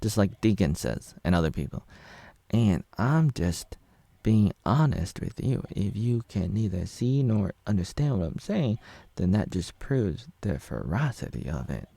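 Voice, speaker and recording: A man in his thirties from Oregon, USA, talking in a deep, gravelly voice. He rambles and corrects himself as he goes, but his pitch swings widely. The sound is dry and close. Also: sing-song, unhurried, mellow, no echo. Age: 30s. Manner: rambling, self-correcting, reads his own posts aloud. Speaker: vlogger. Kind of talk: casual rambling monologue.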